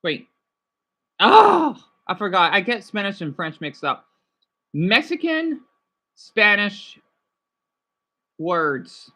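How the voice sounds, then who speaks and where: A woman's voice: medium pitch, sing-song, slow, long pauses, bright, forceful tone. Rambling woman chatting with viewers. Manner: rambling, restarts and self-corrections. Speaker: livestream host. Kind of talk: casual chat with viewers.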